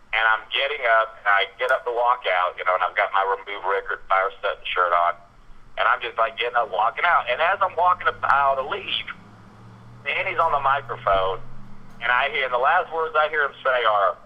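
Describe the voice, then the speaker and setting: A man with a Southern US accent, hosting a talk radio show and telling a story in an animated way, repeating words and acting out what people said. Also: mid-range voice, brisk. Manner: animated, repeats words, acts out quotes in raised voice. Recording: dull lo-fi radio sound.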